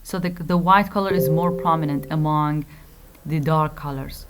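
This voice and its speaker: Slow-paced woman lecturing phonetics. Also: low voice, steady tone, very noisy. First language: Arabic. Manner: explains slowly with fillers, repeats key phrases, switches to Arabic to clarify. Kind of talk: recorded lecture.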